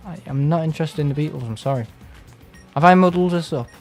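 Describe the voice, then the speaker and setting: A man talks loosely during a live gameplay stream, drifting from one tangent to the next. His voice sits a little high for a man, and he often slips into mocking impressions of other people. Faint game music plays underneath. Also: fast talker. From England. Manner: rambling, sarcastic, mimics other people in put-on voices. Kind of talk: casual live-stream chat while playing.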